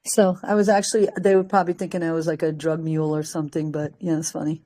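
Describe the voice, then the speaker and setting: A woman's voice: sits low, level tone, fast talker, dark tone. A woman from Peru telling chatty, laughing stories on a group call, acting out what people said. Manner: chatty storyteller, laughs often, acts out quotes. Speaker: call participant. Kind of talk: casual chat.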